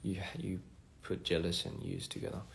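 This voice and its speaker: Gravelly-voiced man chatting on a livestream. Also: low-pitched, little pitch movement. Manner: halting, many restarts and fillers, switching between English and Korean. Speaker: musician hosting a livestream. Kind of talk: casual livestream chat reading fan comments. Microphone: phone livestream.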